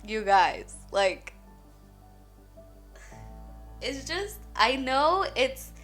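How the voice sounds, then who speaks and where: A young woman with a bright, clear voice tells a personal faith story in a rambling, chatty vlog style, peppering it with "you guys" and "like." She sounds shaky and tearful, caught between laughing and crying. Soft music plays faintly behind her. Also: high voice, sing-song, drawn-out words. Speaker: boutique owner sharing a faith testimony. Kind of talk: emotional personal testimony vlog.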